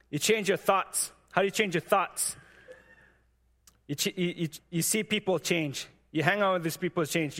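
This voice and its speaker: Halting, earnest preacher in reverberant hall. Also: male voice, high-pitched, fairly bright tone. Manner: halting, frequent restarts and repeated words; earnest and exhortative. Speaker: preacher sharing testimony. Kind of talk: sermon with personal testimony.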